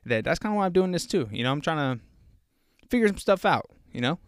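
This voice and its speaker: Young man, podcast host, casual faith talk, rambling and earnest, smooth clear voice, dry close sound. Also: on the high side, big pitch swings, fast, no room sound. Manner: rambling, earnest, lots of fillers and restarts. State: slightly out of breath.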